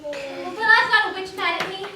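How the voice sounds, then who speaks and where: A woman's voice: very high voice, expressive, moderate pace, background noise. A woman on a theater stage playing a young farm girl, earnest and sweetly polite. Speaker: stage actor. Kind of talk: live community theater acting. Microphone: distant audience camera. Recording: echoey theater heard from far off with music.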